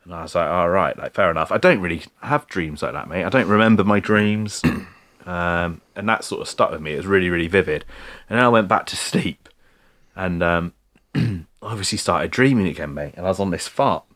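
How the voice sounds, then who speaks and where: A man telling a story in casual chat, rambling and filling every pause with "like" and "mate". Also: low voice, animated, fairly bright tone. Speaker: podcast co-host telling a story.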